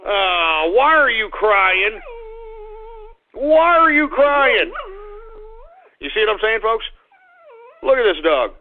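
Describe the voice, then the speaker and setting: A man hosting a live radio show, exasperated, yelling and ranting at his dog. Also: sits high, very animated, takes it slowly, long pauses. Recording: tinny phone-like radio audio.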